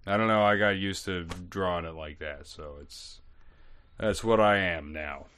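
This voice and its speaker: A man voicing a big, cheerful, goofy homeless werewolf in a tabletop game, joking in deadpan. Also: deep voice, a little slow, clear, resonant tone, pitched below the performer's own voice.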